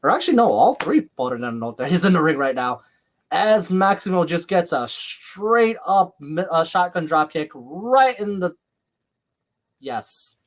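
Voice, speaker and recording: A man's voice: high voice, very animated, a little slow. A man hosting a live watch-along stream with a slight lisp, chatting casually while calling the action and reading viewer comments. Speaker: livestream host.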